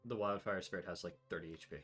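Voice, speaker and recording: A man's voice: sits low, quick pace, fairly bright tone, soft background music. A man playing a tabletop game, chatting casually and joking sarcastically. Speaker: player.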